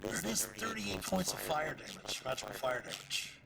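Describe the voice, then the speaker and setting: A man running a live tabletop game as dungeon master, halting and full of fillers. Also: high voice, sing-song, vocal fry, a crowd in the background.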